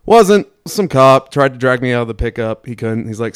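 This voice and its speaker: A young man on a podcast, telling an anecdote in an easygoing, deadpan way. His voice is smooth and resonant, and the sound is close and dry with no room to it. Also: medium pitch, moderate pace, no echo. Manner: laid-back, deadpan anecdote telling with chuckles. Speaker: guest. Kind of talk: casual storytelling.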